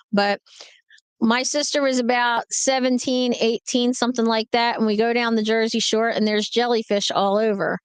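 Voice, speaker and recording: A woman's voice: a little high, clear, resonant tone, no room sound. A tired woman truck driver on a casual livestream, telling stories and answering viewer comments. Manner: chatty storyteller, reads and answers viewer comments. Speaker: truck driver streaming live.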